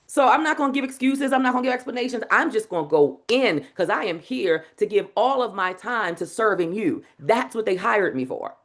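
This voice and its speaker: A woman teaching a live online masterclass on public speaking, in an energetic, demonstrative way. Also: medium pitch, brisk, few pauses. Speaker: speaking coach. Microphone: video call.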